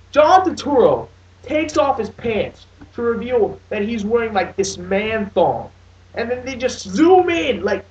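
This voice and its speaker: A man's voice: high-pitched, a little mellow. A young man in his late teens ranting in a casual movie review, swearing often and restarting his sentences. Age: young adult. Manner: profane, exasperated, rambling with many restarts. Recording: dull lo-fi sound, distant from mic.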